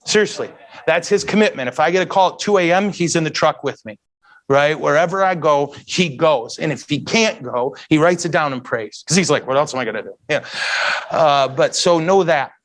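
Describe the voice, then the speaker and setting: Earnest man, slightly higher voice. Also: moderate pace. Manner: earnest and emotional, with self-mocking humor. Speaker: priest and guest speaker. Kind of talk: heartfelt talk to a live audience. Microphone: handheld mic.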